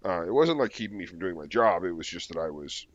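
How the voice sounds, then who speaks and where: A man's voice: sits low, animated, quick pace, dry recording, lo-fi sound. A man co-hosting a podcast, rambling through stories in casual chat with many restarts. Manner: rambling, hesitant. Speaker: podcast co-host.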